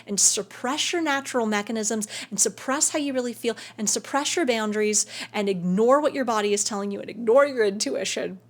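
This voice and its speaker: A woman hosts a spiritual self-help video, speaking to camera in an air-conditioned room. Her voice is a little high, and she's emotive, swinging between soft and excited.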